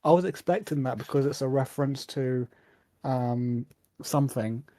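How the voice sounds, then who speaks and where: A man's voice: medium pitch, normal speed, warm tone, dry recording. A man co-hosting a podcast in easygoing casual chat, chiming in with observations. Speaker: podcast co-host.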